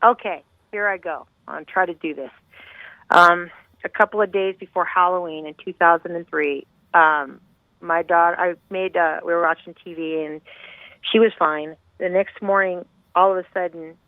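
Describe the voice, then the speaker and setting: A woman's voice: lowish voice, steady tone, moderate pace, no room sound. A middle-aged woman, a grieving mother, tells her story as a guest in an intense, rambling, heartfelt way. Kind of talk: emotional personal storytelling. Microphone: phone call. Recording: tinny dry phone line.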